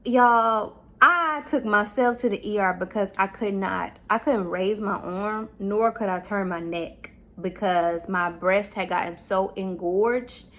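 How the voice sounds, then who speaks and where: A woman's voice: mid-range voice, slow pace, hardly any pauses, a bit bright. A young adult woman vlogging about her experience as a new mom, talking casually and candidly with many fillers. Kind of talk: casual personal storytelling.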